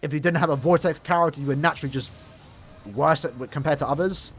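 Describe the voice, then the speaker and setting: A young man chatting casually on a live game stream, talking in quick bursts and laughing easily. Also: fairly high pitch, fairly even intonation, faint music behind.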